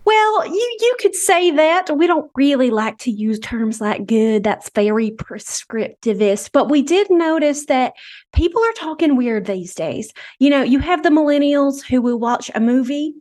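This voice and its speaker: A woman's voice: sits high, expressive, measured pace, a little mellow. A woman voicing an eccentric female researcher who founded a bogus institute, telling her story in a rambling, mock-earnest way. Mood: self-assured. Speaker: podcast guest. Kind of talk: improvised comedy character.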